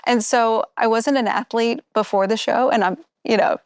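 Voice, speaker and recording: A woman's voice: on the high side, normal speed, smooth, no echo. A middle-aged woman telling stories in a candid interview, acting out the quotes as she goes. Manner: animated storytelling, acts out quotes. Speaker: former contestant.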